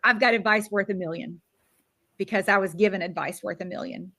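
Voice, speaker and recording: A woman's voice: mid-range voice, brisk. An older woman from Florida giving a motivational speech as a sales director, acting out quoted dialogue. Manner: animated, acts out quoted dialogue.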